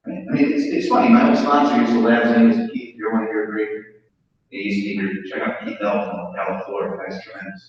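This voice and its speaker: A man's voice: fairly low pitch, fairly even intonation, fast. Man telling his story, echoing distant hall. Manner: candid, wry storytelling. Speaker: speaker at a recovery meeting. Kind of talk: personal testimony talk. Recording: echoey hall, distant dull mic.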